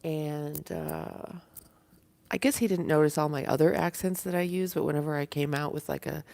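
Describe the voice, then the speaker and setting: A woman's voice: sits low, fairly even intonation, normal speed, gravelly, a little mellow. A woman hosting a casual livestream from her apartment, talking in a put-on Southern US accent, rambling and chatty with frequent laughs. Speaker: livestream host. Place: at home in an apartment. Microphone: device camera.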